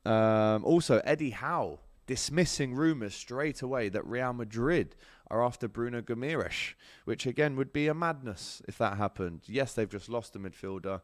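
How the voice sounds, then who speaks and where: A man's voice: medium pitch, lively intonation, normal speed, no room sound, studio quality. A male sports show host, chatting casually through football transfer news and viewer comments, with plenty of ums as he talks straight to his audience. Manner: chatty, lots of ums, addresses viewers directly.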